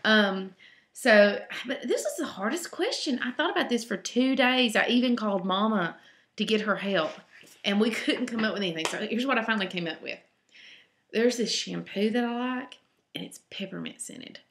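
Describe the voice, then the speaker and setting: In this laid-back question-and-answer vlog, a home cook with a Southern US accent chats loosely through reader questions, wandering off on tangents and saying um a lot. Her mid-range voice is expressive and fairly bright, moving at a normal speed, with roomy echo around her.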